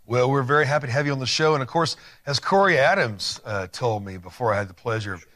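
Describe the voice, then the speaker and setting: A man's voice: mid-range voice, fast talker, fairly bright tone. Enthusiastic male TV interview host. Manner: enthusiastic, encouraging, chatty, many fillers. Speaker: TV show host. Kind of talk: interview hosting.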